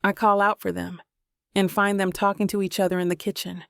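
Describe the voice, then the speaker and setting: Woman narrator for a romance audiobook, slight fry, dry close sound, dramatic read. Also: mid-range voice, little pitch movement, a little fast, fairly bright tone, no room sound. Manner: dramatic, voices characters' lines with emotion.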